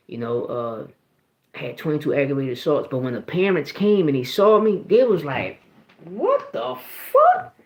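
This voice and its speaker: A man's voice: mid-range voice, darkish tone, reverberant, poor audio. A man, telling stories in a casual, profane, rambling way full of restarts and "you know what I mean". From Philadelphia, USA. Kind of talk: casual storytelling.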